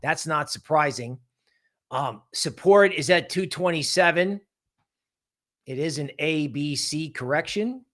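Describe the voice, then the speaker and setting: High-voiced man doing rambling market talk. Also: a little slow, a bit bright. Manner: rambling, conversational, often adds "right?"; mocks panicky traders in exaggerated voices. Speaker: crypto market show host. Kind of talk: livestream market analysis.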